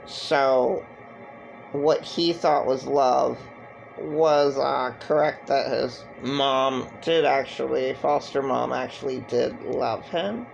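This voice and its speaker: A man giving a halting, rambling personal monologue with many fillers and restarts. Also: mid-range voice, fairly even intonation, vocal fry, highs cut off, faint music behind. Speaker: vlogger.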